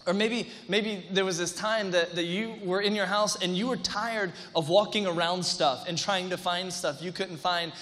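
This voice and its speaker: A man preaching a sermon to a congregation, energetic and rambling, with restarts and playful asides. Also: sits high, normal speed, hardly any pauses. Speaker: pastor. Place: large church hall before a congregation. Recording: long reverb of a large hall.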